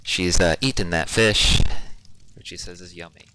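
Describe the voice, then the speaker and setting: Low-voiced man streaming his own game. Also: normal speed. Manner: relaxed, chatty, with fillers. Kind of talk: casual let's-play commentary. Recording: clear music behind the voice. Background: music.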